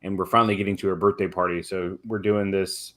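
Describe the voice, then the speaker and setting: A man in casual chat on a live stream, explaining his plans in a measured way. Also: sits low, level tone, a bit bright.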